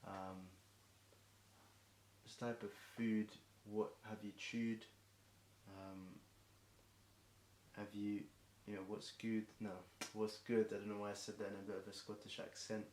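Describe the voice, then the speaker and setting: This is an improvised rhyming freestyle from a young English streamer doing a marathon song, delivered at a moderate pace in a low, flat voice. Rambling and self-correcting, he restarts often and says um plenty, his voice roughening into hoarseness. The echoey room carries a faint hiss.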